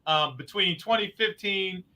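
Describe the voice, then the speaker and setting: A man's voice: high-pitched, a little slow, bright, forceful tone. A man who runs a recovery program, hosting a talk show and explaining his work earnestly. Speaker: host, recovery program owner. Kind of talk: conversational talk show discussion.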